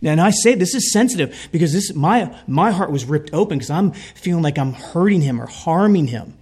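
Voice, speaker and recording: Husky-voiced man preaching earnestly. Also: on the high side, expressive, normal speed, darkish tone. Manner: earnest, heartfelt storytelling. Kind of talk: sermon storytelling.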